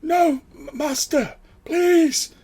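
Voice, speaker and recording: A man voicing a wounded male warlock, pleading in a high strained voice. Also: extremely slow, mellow, heavily acted. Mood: desperate. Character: wounded male warlock begging his master.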